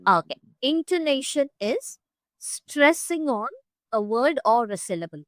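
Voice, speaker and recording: A woman English tutor giving a one-on-one online lesson over a video call, talking expressively and demonstrating word stress and pauses. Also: sits high, big pitch swings, dry recording, poor audio.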